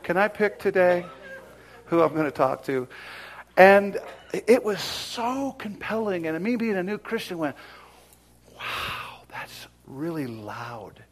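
A middle-aged man preaching a sermon, telling a personal story and swinging from whispers to loud exclaims. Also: high voice, unhurried.

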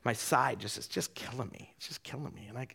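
A middle-aged man, an itinerant preacher, giving an animated sermon that swings from quiet and tender to loud, with many restarts of his words. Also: mid-range voice, fairly quick, vocal fry, husky.

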